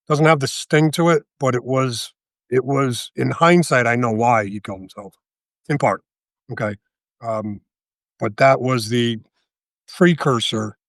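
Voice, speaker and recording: A man in his sixties, a guest telling a story in a casual interview, animated and profane, often checking with "right?". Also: mid-range voice, no room sound, studio quality. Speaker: guest, author and veteran.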